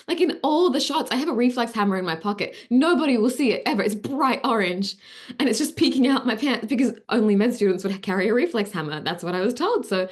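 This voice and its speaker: Young Australian woman, actor guest in an interview, talkative storyteller, asides strung together with "like.". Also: fairly high pitch. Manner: chatty, animated storyteller, quick asides with "like". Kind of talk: casual interview chat.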